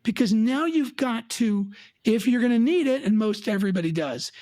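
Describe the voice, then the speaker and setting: A woman's voice: on the high side, moderate pace, dry recording. A woman who works as a financial advisor, talking emphatically on an advice chat show and acting out her clients' voices. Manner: emphatic, lively, mimics clients.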